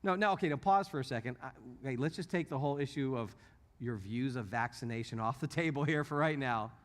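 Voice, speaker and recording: A man's voice: mid-range voice, fairly quick. A middle-aged man giving an apologetics teaching talk in a church, telling stories and acting out the people he quotes. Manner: animated storytelling, acts out quotes. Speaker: apologetics speaker.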